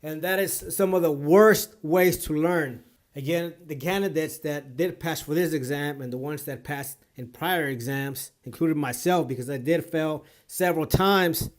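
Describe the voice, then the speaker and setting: An emphatic man talking straight to his viewers as a bar exam tutor. His voice sits a little high, and he comes back to the same point more than once to stress it. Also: moderate pace. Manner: earnest, emphatic, repeats points. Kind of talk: direct-to-camera talk.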